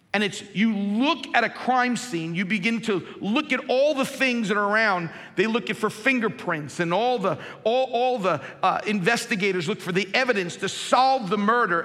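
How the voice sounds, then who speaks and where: A man in his forties preaches a sermon, his voice pitched high with a bright edge. He swings from loud, emphatic points to low, hushed storytelling. The sound carries a long reverb, as in a large church sanctuary. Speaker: pastor.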